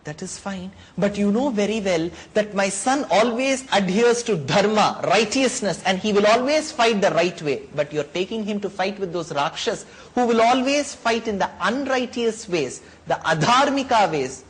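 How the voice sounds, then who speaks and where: A man's voice: sits high, expressive, moderate pace, few pauses, pitched above the performer's own voice, low-quality recording. A man voicing a worried elderly king who pleads anxiously on behalf of his son. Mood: pleading.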